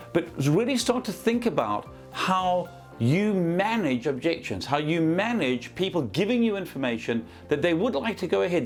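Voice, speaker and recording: Lively New sales coach. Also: male voice, fairly high pitch. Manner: lively, conversational, acts out examples. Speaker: business trainer and coach. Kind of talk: coaching talk to camera.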